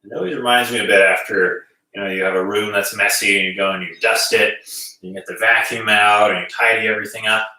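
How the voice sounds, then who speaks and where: A man leads a gentle qigong session, calmly talking students through each breath and movement. His fairly low voice is recorded from a distance and rings through a very echoey room. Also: quick pace. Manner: calm, gently guiding with breath cues. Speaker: qigong instructor. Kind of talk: guided movement class.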